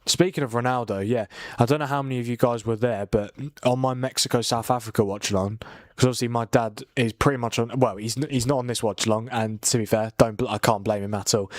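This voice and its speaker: A man's voice: medium pitch, no echo, clean studio sound. A tired young man hosting a live football watchalong, chatting casually and yawning between restarts. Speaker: watchalong host.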